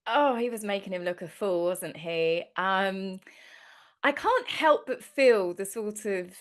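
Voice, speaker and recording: A woman commentator giving her opinions on a talk show. Her tone is scornful and indignant, and her voice sits at a middling pitch. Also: expressive, unhurried.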